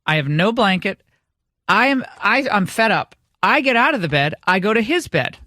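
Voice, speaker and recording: A woman's voice: mid-range voice, sing-song, moderate pace, bright, forceful tone, no echo, clean studio sound. A middle-aged woman hosting a radio talk show, telling a story in a chatty way with many restarts. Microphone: studio microphone.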